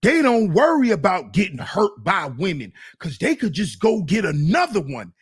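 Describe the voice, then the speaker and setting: A man hosting a solo commentary show, reacting to a clip with teasing, drawn-out rhetorical questions. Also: sits high, wildly swooping pitch, slightly rough. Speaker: commentary channel host.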